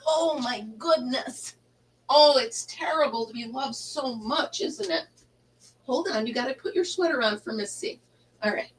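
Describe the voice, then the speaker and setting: A woman's voice: sits high, a little slow, slight background noise, rough recording. A middle-aged woman hosting a casual live chat, telling a funny story and laughing often. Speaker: livestream host.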